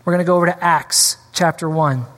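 A man preaching a sermon in a church, animated and acting out scripture scenes with changing voices. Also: on the high side, a little fast. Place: church sanctuary. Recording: long hall reverb.

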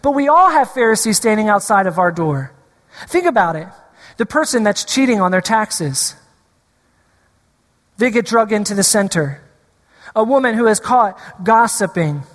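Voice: mid-range voice, sing-song, normal speed, long pauses. Preacher echoing through a reverberant hall. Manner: repeats key lines for emphasis and engages the congregation. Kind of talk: sermon.

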